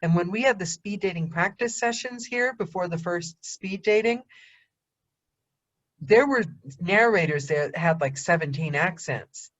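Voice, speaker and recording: An American woman hosting a casual call, talking quickly and laughing often. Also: fairly low pitch, lively intonation, dull audio. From United States. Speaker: podcast host. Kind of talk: casual video-call chat.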